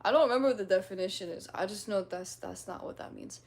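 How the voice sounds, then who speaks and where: A woman's voice: medium pitch, fast, a little mellow. A woman in her twenties chatting casually on a livestream, reading out comments in a rambling, self-mocking way and laughing often. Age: 20s.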